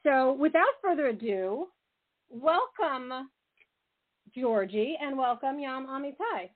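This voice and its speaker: A woman's voice: high voice, expressive, takes it slowly. A woman hosting a radio talk show, chatting casually in a playful, teasing way. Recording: phone-like narrow band.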